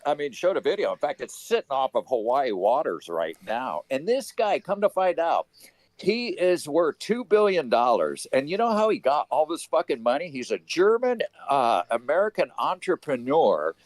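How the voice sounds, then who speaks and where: A man's voice: fairly high pitch, very animated, moderate pace, dry recording. A man talking as a guest on a casual live political chat, telling a story heatedly and swearing often.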